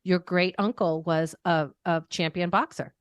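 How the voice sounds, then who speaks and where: A woman's voice: fairly low pitch, a little slow, smooth, dry recording, studio quality. A middle-aged woman with a Boston accent, a podcast host chatting casually and telling stories expressively. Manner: expressive storyteller, lively and talkative. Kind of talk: casual chat.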